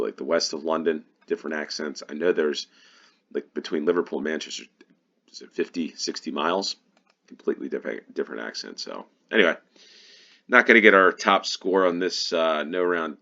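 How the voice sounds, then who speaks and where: A man's voice: a bass voice, creaky, bright, forceful tone, muffled recording. A man from New York with a Western New York accent, thinking aloud while playing a geography guessing game, hesitant and full of ums. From New York, USA. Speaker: GeoGuessr channel host. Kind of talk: casual gameplay commentary.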